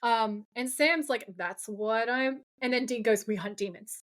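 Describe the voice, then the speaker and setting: Animated woman retelling a TV episode. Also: a little high, unhurried. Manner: animated, acts out the characters' lines while retelling scenes. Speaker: podcast co-host. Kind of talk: casual chat, recapping a TV episode.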